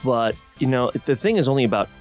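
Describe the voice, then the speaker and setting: A man's voice: medium pitch, animated, fast talker, darkish tone, faint music behind. A man co-hosting a podcast in casual chat, joking and exasperated. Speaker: podcast co-host.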